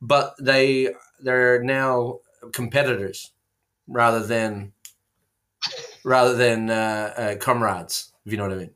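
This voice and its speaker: A man's voice: mid-range voice, steady tone, slow pace, a bit bright. A man co-hosting a casual comedy chat, spinning absurd tangents with frequent fillers and restarts, heard over a remote call. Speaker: co-host.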